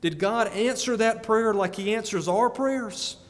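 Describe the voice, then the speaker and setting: A man preaching a sermon, animated and often breaking into laughter between emphatic peaks. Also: sits high, measured pace. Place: church sanctuary. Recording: long church reverb.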